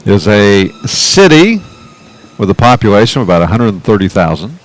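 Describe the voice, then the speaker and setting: A man doing play-by-play radio commentary for a baseball game, chatting and reading trivia between pitches. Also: very animated, normal speed, low-quality recording. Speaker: play-by-play announcer.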